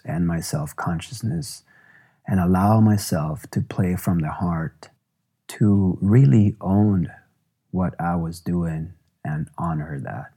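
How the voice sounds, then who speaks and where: A man, a musician, narrating his own memoir in a measured, reflective way. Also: low voice, dark tone, breathy edge.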